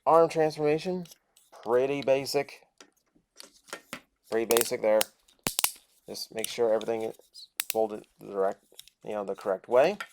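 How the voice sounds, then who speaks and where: A man's voice: mid-range voice, steady tone, a little slow, pauses often, noisy background. Chatty man reviewing a toy. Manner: chatty, thinking aloud while handling the toy. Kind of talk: casual toy review while transforming a figure.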